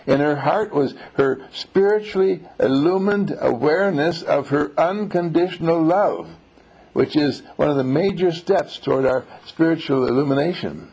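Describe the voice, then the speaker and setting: A man's voice: mid-range voice, creaky, darkish tone, slightly rough, low-quality recording. A man teaching a small class on spiritual matters, telling stories and posing rhetorical questions.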